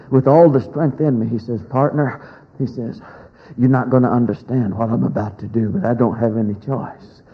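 A man preaching, telling a folksy story in a sermon, swinging between loud declarations and hushed lines. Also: mid-range voice, husky, dull audio.

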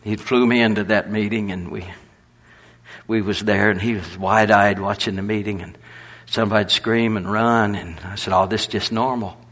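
Husky folksy preacher man. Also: fairly low pitch, steady tone, moderate pace, fairly bright tone. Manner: folksy, chuckling storyteller. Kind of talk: storytelling sermon.

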